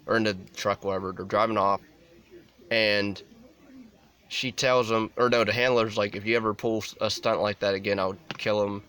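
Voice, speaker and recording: A young adult man talks through a film review in a casual, rambling way, full of restarts and "like" fillers. His voice sits low but sounds bright and forceful, with a smooth, crisp clarity. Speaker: movie reviewer.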